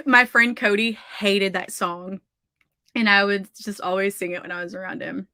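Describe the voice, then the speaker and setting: A woman's voice: mid-range voice, little pitch movement, unhurried, sharp tone, no room sound, studio quality. A woman with a Southern accent hosting a livestream writing session, chatting casually and reading out viewer comments, gushing and saying "like" a lot. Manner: chatty, gushing, heavy use of "like". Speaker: livestream host of writing sprints. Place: her home office.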